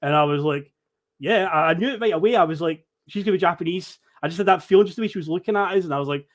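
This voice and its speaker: A man on a podcast, telling a lively story, acting out the people he met and swearing casually. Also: on the high side, racing. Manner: animated storyteller who acts out quoted people, swears casually.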